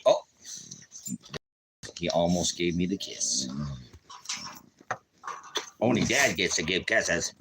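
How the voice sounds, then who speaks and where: Deep-voiced rambling man. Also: expressive, measured pace, long pauses, background noise. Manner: rambling, talks fondly to his dogs, drops to hushed murmurs. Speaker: ranch ministry preacher. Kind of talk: rambling home vlog.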